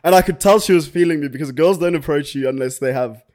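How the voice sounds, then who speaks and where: A young man with a South African accent telling a long, animated story in casual chat, slangy and swearing freely. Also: a little high, quick pace.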